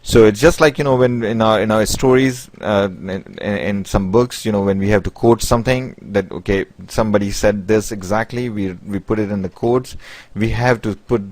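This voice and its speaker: A man's voice: lowish voice, darkish tone, dry recording, low-quality recording. A man teaching programming in a screen-recorded tutorial, explaining step by step with many fillers and restarts. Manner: halting, with many "basically" and "you know" fillers and restarts. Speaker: programming instructor.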